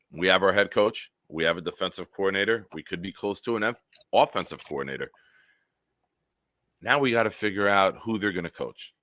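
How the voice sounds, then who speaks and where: A man's voice: deep voice, bright, forceful tone, no room sound, studio quality. A man hosting a casual sports talk livestream, joking and rambling and hyping up his chat. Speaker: host.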